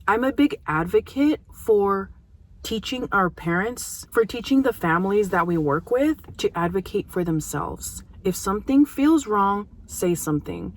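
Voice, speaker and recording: A woman in her thirties, a behavior analyst, talking casually and earnestly to parents, with emphatic pauses. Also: medium pitch, lively intonation. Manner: earnest, warm-hearted advocacy with emphatic pauses. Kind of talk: casual educational talk to parents.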